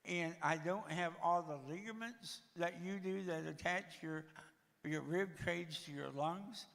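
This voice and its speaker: Breathy, gravelly older man. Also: fairly high pitch, a little slow, a bit bright. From Tennessee, USA. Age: 60s. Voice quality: heavy, audible breathing. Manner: self-deprecating, joking storyteller. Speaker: guest speaker. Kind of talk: humorous personal testimony. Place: church sanctuary. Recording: reverberant church hall.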